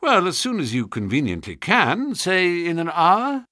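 A man reading aloud, voicing a keen, commanding detective with crisp, intense speech in a storybook. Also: sits high, wildly swooping pitch, unhurried, sharp tone, dry recording, studio quality, pitched above the performer's own voice, full character voice. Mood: intent.

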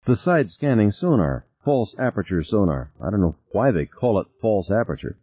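A determined woman scientist, voiced by a man, climbing high and lively in pitch. Her voice swings widely and has a husky grain, on a tinny, narrow recording. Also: moderate pace, no echo. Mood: puzzled. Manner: higher pitched, lively, urgent. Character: tense, determined woman scientist on a seafloor mission.

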